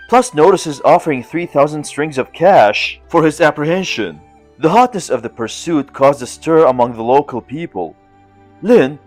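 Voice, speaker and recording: A man narrating a classic novel as an audiobook, in measured storytelling. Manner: measured storytelling, lively in pitch.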